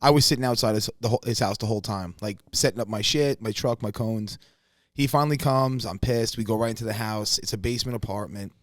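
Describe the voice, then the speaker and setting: Profane, animated man telling stories. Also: lowish voice, fast, no room sound, studio quality. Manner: profane, animated storyteller who acts out quotes loudly. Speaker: podcast co-host. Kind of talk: casual storytelling chat.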